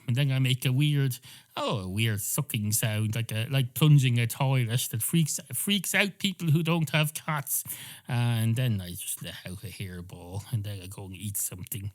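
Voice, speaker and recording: Guy doing a chatty pub cat, smug, rambling, cursing, middle-pitched. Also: a bit bright. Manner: rambling, swearing, self-satisfied. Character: smug talkative pub cat, male, sweary.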